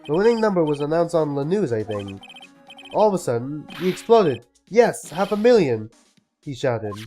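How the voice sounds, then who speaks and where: A man's voice: a little high, big pitch swings, moderate pace, mellow, faint music behind. Man putting on a flamboyant French-accented dandy. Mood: nervous. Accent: put-on French. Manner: theatrical, sing-song, sprinkles French words.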